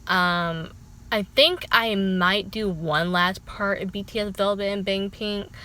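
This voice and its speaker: A woman telling a casual storytime vlog, animated and swearing freely, leaping up in pitch when she quotes people. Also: measured pace, smooth. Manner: dramatic pitch jumps when quoting people. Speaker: vlogger.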